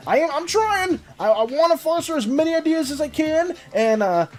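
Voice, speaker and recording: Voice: high-pitched, animated, normal speed, soft background music. An art streamer chatting casually with viewers, friendly and encouraging, often repeating words and restarting sentences.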